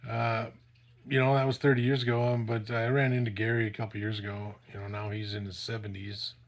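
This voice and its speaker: A man's voice: fairly low pitch, flat delivery, brisk. A middle-aged man casually telling a personal story, rambling and profane, with plenty of fillers.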